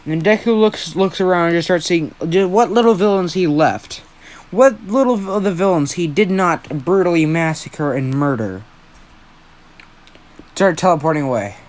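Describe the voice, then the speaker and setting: A man's voice: sits high, animated, normal speed. A young man who hosts a fan-story channel, telling an improvised story in a rambling, self-deprecating way with a lot of swearing.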